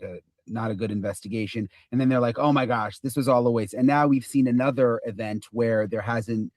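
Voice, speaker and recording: A man's voice: fairly low pitch, dry recording. Man asking rambling questions, dry audio. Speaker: host. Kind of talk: casual interview questions.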